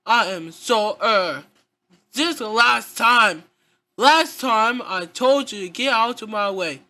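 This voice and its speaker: A performer voicing an angry, shouting character named Kiki in an amateur fan drama, with a halting delivery. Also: medium pitch. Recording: guitar music playing behind.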